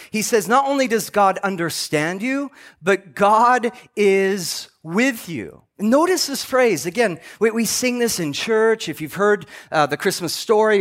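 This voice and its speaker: A man's voice: high-pitched, fairly bright tone. A male pastor giving a sermon in a church, telling stories and acting out dialogue with repeated words. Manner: storytelling preacher, acts out dialogue, repeats words.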